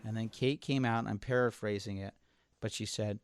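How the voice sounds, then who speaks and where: A man's voice: fairly low pitch, a little fast, clear, resonant tone. A man hosting a casual podcast chat, telling stories with energy and acting out the people he quotes. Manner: animated storyteller, acts out quotes. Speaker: podcast host.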